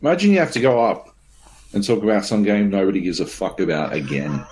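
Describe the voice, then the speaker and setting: A man's voice: on the low side, big pitch swings, quick pace, a little mellow, low-quality recording. A man co-hosting a casual podcast, blunt and sardonic, swearing freely. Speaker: podcast co-host.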